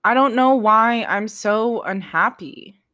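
A woman's voice: a little high, takes it slowly, pushed and bright. A young woman talking to camera in a confessional vlog, raw and self-critical, swearing often and restarting her sentences. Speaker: vlogger.

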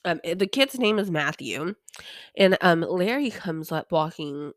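A young woman with a lowish voice talks through a TV episode in loose, chatty recap mode. She is irreverent, drops the odd swear and sighs between thoughts. The recording is close and dry, with no room sound. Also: lively intonation, a little slow, dry recording. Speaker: podcast host. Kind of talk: casual recap commentary.

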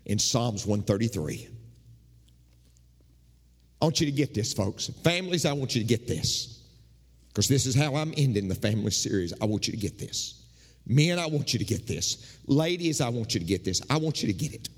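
Animated pastor preaching in a hall. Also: male voice, moderate pace, husky. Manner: animated preaching, mimics congregants with shifting pitch. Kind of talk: sermon. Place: church sanctuary.

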